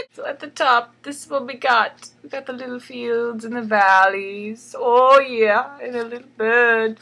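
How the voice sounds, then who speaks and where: A woman's voice: fairly high pitch, slow, gravelly, pushed and bright. A woman reading aloud her own picture book as a playful bedtime story, with jokey asides. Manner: jokey, chatty asides, laughs at own jokes.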